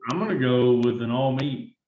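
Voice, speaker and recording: A man's voice: medium pitch, normal speed, background noise. Guest guy on a podcast call, muffled and echoey room sound, short dry comments. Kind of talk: casual podcast chat. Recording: roomy, muffled call audio.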